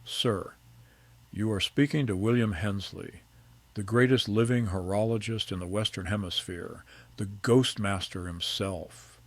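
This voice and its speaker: A man's voice: on the low side, unhurried, no echo. A man doing a formal French auction chief. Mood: reverent. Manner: formal, earnest and excited.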